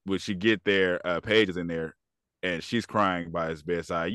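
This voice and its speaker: Smooth-voiced man retelling a movie plot. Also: low voice, moderate pace, no echo, clean studio sound. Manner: animated retelling, acts out characters' lines. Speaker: podcast co-host. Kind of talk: casual movie review chat.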